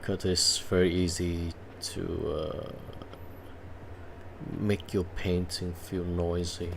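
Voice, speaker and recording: A man with a Vietnamese accent whose first language is Vietnamese, chatting casually with viewers while painting and speaking haltingly with many filler sounds. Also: deep voice, flat delivery, vocal fry, background noise. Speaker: digital painting streamer.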